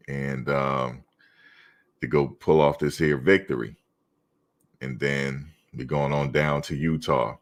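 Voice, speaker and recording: A man hosting a casual fan livestream, chatting loosely and teasing commenters. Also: very deep voice. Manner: laid-back, teasing chat commenters. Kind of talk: casual chat reading live comments.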